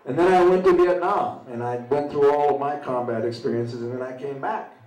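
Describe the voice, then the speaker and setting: A man in his sixties, a veteran telling a personal story at an open mic in a halting, conversational way with frequent "you know" tags. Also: mid-range voice, darkish tone, highs cut off. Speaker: veteran speaker. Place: open mic at a small venue. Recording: roomy sound from a distant mic.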